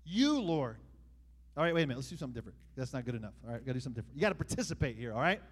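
A man's voice: medium pitch, lively intonation, very fast, husky. A man preaching a sermon in church, talking casually with the congregation and building up to emphatic scripture reading. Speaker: pastor. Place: church sanctuary.

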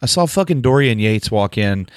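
A man's voice: medium pitch, expressive, normal speed, smooth, no echo, studio quality. A man hosting a casual podcast, talking in an opinionated, candid way with casual swearing. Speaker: podcast host.

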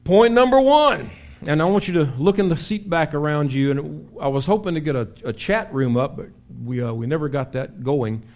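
A man preaching a sermon as pastor in a church, telling stories with lively acted-out shouts. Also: on the high side, moderate pace. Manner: animated storytelling with acted-out shouts. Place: church sanctuary.

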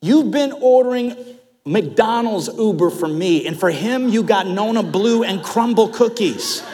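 Middle-aged male pastor, high lively voice, sermon in a church hall with long reverb. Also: measured pace. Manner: animated storytelling preacher, rising to loud emphatic peaks. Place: church sanctuary.

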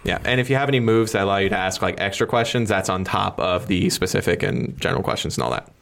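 A man's voice: low-pitched, expressive, quick pace, gravelly, a bit bright. A man narrating a tabletop game as game master, loose and rambling with many fillers.

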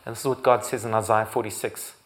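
A man preaching a sermon as pastor, building to loud, emphatic repeated phrases and sometimes correcting himself. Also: fairly low pitch, steady tone, fast talker. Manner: occasional restarts and self-corrections.

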